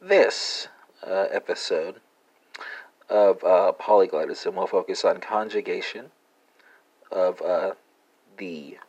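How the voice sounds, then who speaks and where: A man's voice: low voice, poor audio. A man hosting a language lesson podcast, talking hesitantly with many fillers and spelling words out letter by letter.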